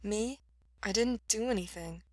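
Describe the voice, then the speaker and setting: A woman puts on a brash young man with a short fuse, bursting into loud, bright shouts and curses. The voice is crisp and close with a dry sound and no room around it. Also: fairly low pitch, fairly even intonation, normal speed, no echo. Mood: subdued. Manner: loud and explosive, then sulky.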